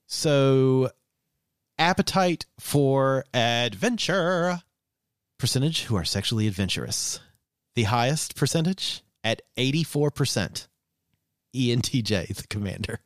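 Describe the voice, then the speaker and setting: A man's voice: medium pitch, lively intonation, a little slow, no room sound, clean studio sound. A man hosting a podcast in casual chat, joking playfully while reading sponsor ads. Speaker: podcast host.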